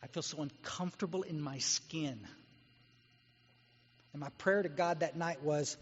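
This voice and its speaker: A man's voice: a little high, a little slow, long pauses. A man from Texas giving a guest talk at a recovery meeting, blunt and exhorting as he tells his story. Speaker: guest speaker. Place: meeting hall. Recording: dull echoey hall recording.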